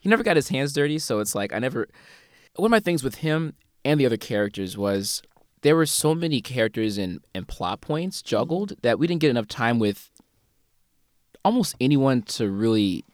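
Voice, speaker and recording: A man in a casual film review chat, measured and analytical, often saying "you know". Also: medium pitch, very animated, no echo, clean studio sound.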